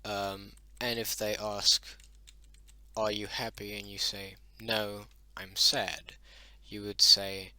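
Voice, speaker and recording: A young man talking slowly through a homemade language lesson, his voice bright and tense with a fairly low pitch. He stops often for fillers and corrections and mutters to himself when he slips. The sound is dry and close, with no room around it. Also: level tone, no echo. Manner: halting, many fillers and self-corrections, mutters "oh, damn". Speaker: hobbyist language teacher.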